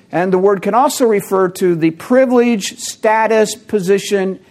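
A man delivers a teaching sermon, working through scripture one word at a time. His voice sits somewhat high for a man, and he speaks in a measured way, with the odd filler and self-correction. Now and then he turns to quiz the congregation. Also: a little mellow. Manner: teaching, explains word meanings, addresses congregation with questions. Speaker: pastor. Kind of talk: expository sermon.

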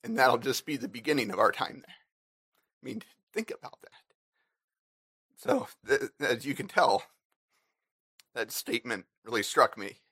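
A man giving a personal reflection to a church congregation, earnest and a little halting. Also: mid-range voice, bright, forceful tone, husky, dry recording, studio quality. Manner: earnest, halting with fillers, briefly emotional.

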